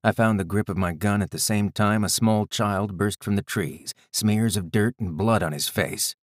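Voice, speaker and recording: A man reading a first-person story aloud in a measured, gritty storytelling manner. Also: lowish voice, dry recording, clean studio sound. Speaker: audiobook narrator. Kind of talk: scripted first-person narration.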